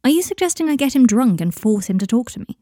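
Storybook read: woman voicing a weary young wizard hero, terse and guarded; mellow tone, dry sound. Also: fairly high pitch, big pitch swings, quick pace, no echo, voice pushed up. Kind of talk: fan fiction audiobook reading.

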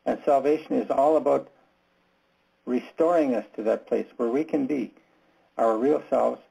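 A man leading a Bible study discussion, talking in a halting, earnest and direct way, often repeating his words. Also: mid-range voice, gravelly, warm tone, breathy edge, low-quality recording. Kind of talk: candid group Bible discussion.

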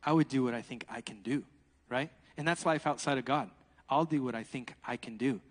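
A man preaching a sermon, animated and laughing, swinging between loud exclamations and hushed asides. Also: mid-range voice, fairly quick, in a large hall.

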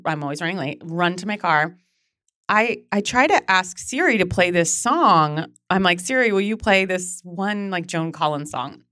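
A woman in her thirties, a podcast guest and memoir author, telling personal stories in a chatty, animated way with casual swearing. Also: lowish voice, normal speed, no echo, clean studio sound. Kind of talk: candid storytelling.

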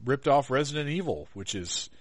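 A man co-hosting a podcast, talking through a movie in a relaxed, rambling way with fillers. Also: medium pitch, normal speed, no room sound. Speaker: podcast co-host. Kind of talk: casual film discussion.

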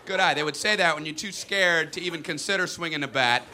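A man doing a stand-up comedy routine, animated and often slipping into childish voices. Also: fast talker, a little hiss or hum. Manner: animated, slips into high-pitched childish voices. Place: comedy venue before a live audience. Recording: live stage recording with loud crowd laughter.

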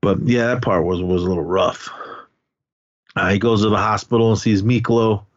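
A man's voice: on the low side, fairly even intonation, normal speed, highs cut off. A man hosting a podcast, casually recapping a film in a rambling way, with lots of restarts and fillers. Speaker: podcast host.

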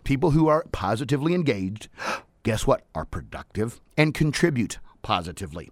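A man hosting a radio talk show, talking about work with fired-up energy, playful asides and bursts of shouting into the studio microphone. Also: mid-range voice, sing-song, normal speed, no room sound.

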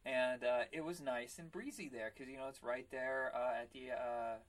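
A man in a casual chat, trading stories with frequent laughs and loud, acted-out quotes. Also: medium pitch, moderate pace, slight background noise. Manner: animated, laughs often, acts out quotes loudly.

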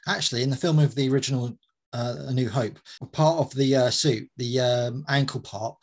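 A man as a guest in a casual chat, talking in an animated way and laughing often. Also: mid-range voice, normal speed, slightly rough.

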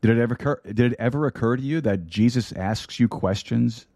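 A man's voice: mid-range voice, brisk, dark tone, dry recording. A man preaching a sermon into a studio microphone, repeating key lines and dropping in light humor. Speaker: pastor. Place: broadcast studio.

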